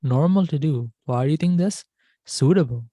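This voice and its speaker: A teacher voicing a stern female master who is quick to anger, in a plain retelling of her words. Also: medium pitch, warm tone, dry recording, studio quality, lightly acted. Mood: questioning. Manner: plain retelling of quoted speech.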